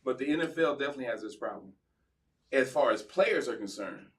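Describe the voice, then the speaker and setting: A man's voice: mid-range voice, lively intonation, quick pace, far from the mic. A man as a guest in an interview, enthusiastic and affirming, often repeating himself. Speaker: guest, former football player. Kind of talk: casual interview chat.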